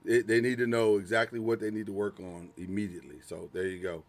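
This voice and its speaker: A man co-hosting a sports podcast in casual, animated chat, often repeating words and laughing. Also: on the low side, fast talker, gravelly. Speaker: podcast co-host.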